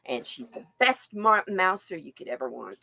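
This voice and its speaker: A woman's voice: lowish voice, normal speed, vocal fry, no room sound, poor audio. An older woman hosting a live stream, chatting casually and acting out voices in her stories. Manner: animated storyteller, acts out voices in her anecdotes. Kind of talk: casual chat.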